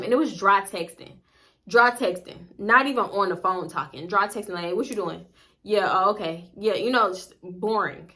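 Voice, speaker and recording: A woman casually telling a personal story to her viewers, candid and animated, with frequent asides. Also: medium pitch. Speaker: storytime vlogger.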